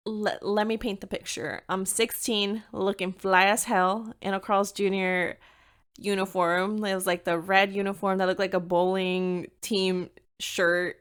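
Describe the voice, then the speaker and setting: A young adult woman hosting her own podcast, telling a personal story in a candid, chatty monologue. Her voice sits in a middle pitch. She swears freely and mixes in Spanish phrases. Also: fairly bright tone. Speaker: podcast host.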